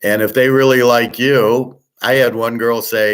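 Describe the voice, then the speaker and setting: A man hosts a loose, unscripted chat. His voice sits at an ordinary middle pitch. He talks bluntly and rambles, restarting sentences and swearing freely. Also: little pitch movement, measured pace, fairly bright tone, clean tone. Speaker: host.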